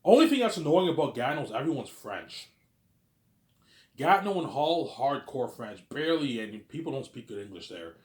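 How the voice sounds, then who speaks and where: A man's voice: medium pitch, very animated, normal speed, a little mellow, echoey room. A man from Canada talking in a rambling, repetitive casual monologue, swearing offhandedly and often asking "you know what I'm saying". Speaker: vlogger.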